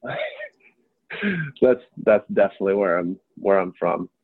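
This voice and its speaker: A man's voice: low voice, sing-song, measured pace, creaky, breathy edge, no echo. A young man chatting as a podcast guest, rambling and self-deprecating, often stammering and restarting his sentences. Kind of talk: casual chat. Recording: tinny phone-like remote call line.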